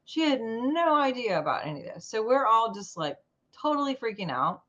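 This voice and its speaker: A woman guest in an interview telling a personal story in an animated way, acting out the lines of the people in it. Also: fairly high pitch, moderate pace, muffled recording. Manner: animated, acts out quoted dialogue.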